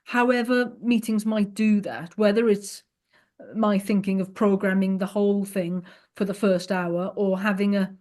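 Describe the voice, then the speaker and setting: A woman's voice: medium pitch, steady tone, measured pace, a little mellow. A woman hosting a podcast, earnest and thinking aloud in long, searching sentences. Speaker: podcast host. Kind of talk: conversational interview.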